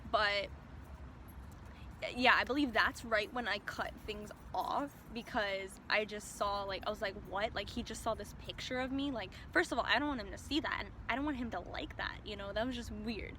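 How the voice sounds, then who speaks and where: A woman's voice: medium pitch, normal speed, sharp tone, slight background noise. A young woman telling a casual storytime, chatty and filling her speech with "like". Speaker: vlogger.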